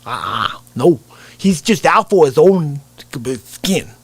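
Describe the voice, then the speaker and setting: A man putting on a raspy, blunt, fed-up working-class man who lectures about politics. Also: on the high side, very animated, slow pace, no room sound, exaggerated voice. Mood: grumbling.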